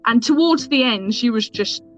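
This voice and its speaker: A woman hosting a podcast, chatting casually in a giggly, excitable fan way. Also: fairly high pitch, normal speed, muffled recording, soft background music. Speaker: podcast host. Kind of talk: casual chat.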